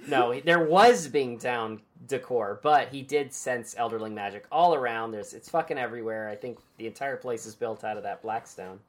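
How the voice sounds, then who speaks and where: A woman's voice: extremely low pitch, moderate pace, hardly any pauses. A woman hosting a podcast and recapping a book chapter in casual, irreverent chat, swearing and laughing easily.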